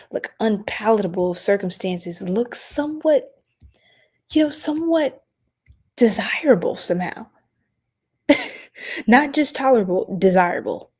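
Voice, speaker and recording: A tired woman giving a late-night live stream tarot reading, chatting playfully in slang and often dropping into soft whispers. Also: medium pitch, husky. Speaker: tarot reader.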